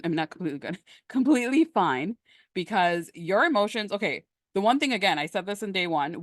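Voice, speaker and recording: A woman's voice: fairly low pitch, dry recording, studio quality. Emphatic woman coaching on a livestream. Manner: emphatic, conversational, answers chat questions. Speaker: manifestation coach. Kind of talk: live-streamed coaching talk.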